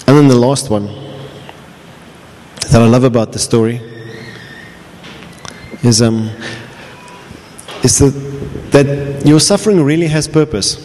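A man's voice: mid-range voice, slow, long pauses, darkish tone, slight background noise. A man preaching a sermon as pastor, earnest and often restarting his phrases. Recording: long reverb of a large hall.

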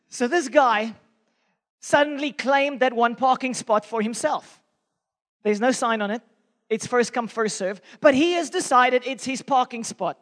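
High-voiced man preaching in a hall. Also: measured pace. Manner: animated storytelling, self-mocking. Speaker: pastor. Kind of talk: sermon. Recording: long reverb of a hall.

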